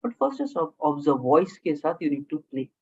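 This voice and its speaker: In a classroom lecture on communication skills, a woman with an Indian English accent speaks fairly quickly in a low, husky, slightly mellow voice with big pitch swings. She uses short phrases, checks in often with "okay?", and mixes Hindi words into her English. The audio is dull.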